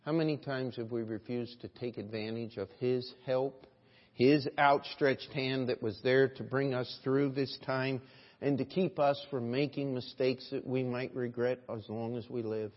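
A male pastor delivers a sermon in an earnest, rhetorical way, pressing his listeners with question after question. His voice sits at a middle pitch and swings between hushed and loud stretches. The recording is dull and carries a long hall reverb. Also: fairly even intonation, unhurried.

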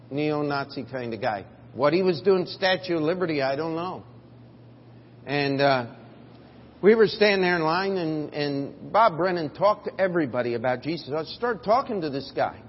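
A man preaching a sermon in a church, telling a story and moving between quiet, drawn-out phrases and loud, emphatic bursts. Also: fairly high pitch, expressive, slight background noise. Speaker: pastor. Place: church sanctuary. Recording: dull audio in a reverberant hall.

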